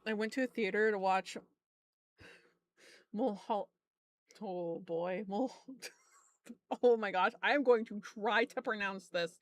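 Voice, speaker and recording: A woman's voice: medium pitch, slow pace, pauses often, dry recording. A young adult woman streamer chatting casually, rambling through stories and laughing often, with frequent swearing.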